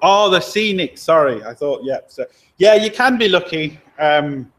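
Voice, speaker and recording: A man's voice: on the high side, expressive, measured pace. A man, a garage owner chatting casually on a live stream, answering viewer questions with easygoing, blunt opinions and frequent laughs. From Lincoln, England.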